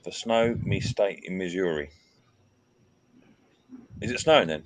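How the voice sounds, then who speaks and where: A man's voice: low-pitched, lively intonation, a little slow, pauses often. A man from England hosting a casual live stream chat, teasing his guests, greeting viewers by name and laughing often. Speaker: livestream host.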